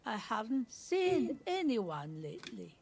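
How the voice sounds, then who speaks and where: A woman voicing an elderly landlady in a video game, speaking in a slow, folksy, gentle way. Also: fairly high pitch, very animated, vocal fry, slight background noise, heavily acted. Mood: wry.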